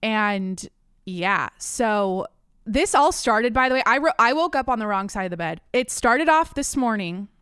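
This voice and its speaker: A young woman hosts her own podcast from a home desk studio, venting animatedly and profanely with frequent restarts and sounding slightly out of breath. Her voice is a little high, a little slow, and smooth, captured on a desk microphone with no echo.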